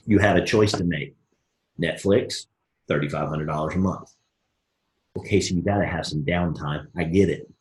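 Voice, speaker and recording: A man's voice: low-pitched, moderate pace, long pauses. Upbeat man running a team call, folksy, plays out mock dialogues, roomy echo. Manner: energetic, folksy, acts out both sides of dialogues. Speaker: network marketing team leader. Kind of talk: live motivational coaching call.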